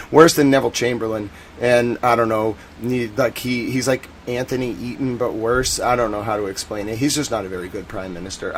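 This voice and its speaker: A man's voice: medium pitch, slight background noise. Rambling American man hosting a live stream. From United States. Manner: rambling, chatty, slangy, with bursts of loud indignation. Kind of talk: casual live-stream commentary.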